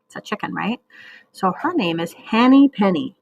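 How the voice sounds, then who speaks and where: A woman teacher leading a recorded reading lesson for young children, speaking slowly and patiently and sounding out words. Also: medium pitch, animated, vocal fry, a little mellow, husky, rough recording.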